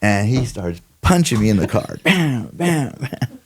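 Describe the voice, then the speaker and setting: A man's voice: medium pitch, sing-song, measured pace, breathy edge. An older man, a retired detective, telling stories in a casual interview, acting out quotes and laughing often. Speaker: retired homicide detective, podcast guest.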